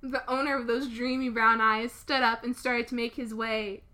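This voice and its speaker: A young woman reads fan fiction aloud in a playful, giggling way. Her voice is high and very bright. She sounds casual and amused. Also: flat delivery, moderate pace. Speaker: vlogger.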